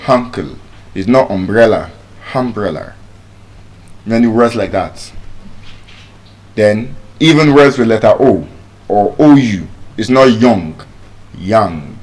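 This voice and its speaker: A middle-aged man with a Nigerian accent teaching English pronunciation, repeating each word slowly to demonstrate the sounds. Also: fairly low pitch, darkish tone. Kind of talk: spoken English lesson.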